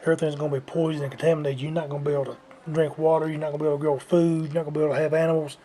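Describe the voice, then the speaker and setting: A man's voice: fairly high pitch, flat delivery, racing, dark tone, a little hiss or hum. A man delivering an unscripted, repetitive lecturing rant to his viewers. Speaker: vlogger. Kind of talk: unscripted ranting monologue.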